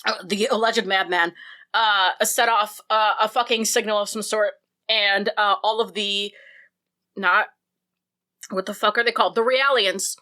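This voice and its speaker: A woman's voice: mid-range voice, steady tone, unhurried, pushed and bright. A woman co-hosting a casual podcast, rambling and swearing in a joking way while drooling from spicy wings. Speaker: podcast co-host. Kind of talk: casual chat while eating hot wings.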